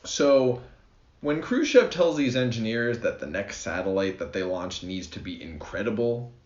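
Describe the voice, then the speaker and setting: A man's voice: fairly low pitch, lively intonation, normal speed, a little mellow. A man co-hosting a podcast, chatting casually and laughing often as he explains history. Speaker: podcast co-host. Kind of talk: casual chat. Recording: roomy, dull lo-fi recording.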